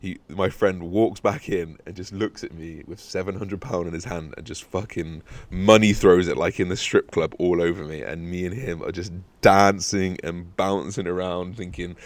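A young man with a very deep voice hosts his podcast, spinning a sweary, animated anecdote. The sound is dry and close, with no room around it. He jumps into acted-out bits of dialogue as he goes. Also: normal speed, few pauses, dry recording. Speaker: podcast host. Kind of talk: casual storytelling monologue.

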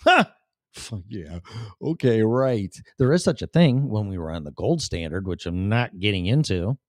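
A man's voice: fairly low pitch, expressive, moderate pace, dry recording, clean studio sound. A man hosting a livestream in a casual ranting monologue, profane and rambling, with sudden shifts of voice. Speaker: livestream host.

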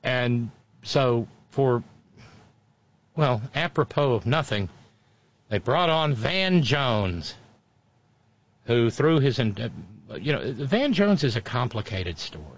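A man holds forth in opinionated political commentary, scornful and sarcastic, full of name-calling. His voice sits at an ordinary middle pitch. The recording sounds muffled and lo-fi. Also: very animated, slow, pauses often, no room sound.

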